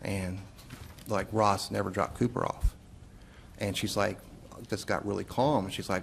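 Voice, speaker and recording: A man, a police investigator, giving courtroom testimony in a measured way, with frequent hesitant pauses. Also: lowish voice, steady tone, creaky, slight background noise.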